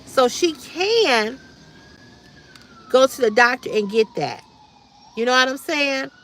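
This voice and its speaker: A woman's voice: sits high, animated, takes it slowly, a bit bright, a little hiss or hum. A woman, hosting a casual livestream, answering comments bluntly and directly with preachy repetition. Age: 50s. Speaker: livestream host.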